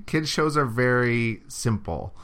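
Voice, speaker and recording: A man chatting casually as a co-vlogger, easygoing and explaining with halting restarts. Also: medium pitch, expressive, a bit bright. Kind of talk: casual chat.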